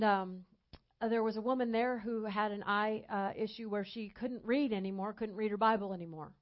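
A woman evangelist preaching a sermon emphatically, slowing down and rising in volume on key phrases. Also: mid-range voice. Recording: dull lo-fi sound.

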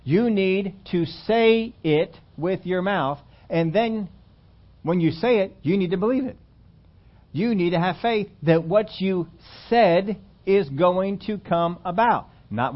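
A man's voice: high-pitched, unhurried, lo-fi sound. A man preaching a sermon, reading scripture and asking the listeners questions in an emphatic way, repeating key phrases. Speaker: pastor.

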